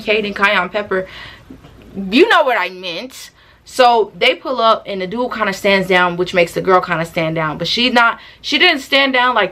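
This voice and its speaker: A young woman vlogger, telling a storytime tale in a casual, animated, slangy way with laughing asides. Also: medium pitch.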